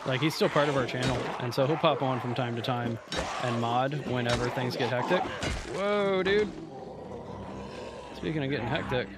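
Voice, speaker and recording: A man's voice: mid-range voice, normal speed, very noisy. Chatty male game streamer. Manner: chatty, talks to chat while playing. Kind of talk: casual live gameplay commentary.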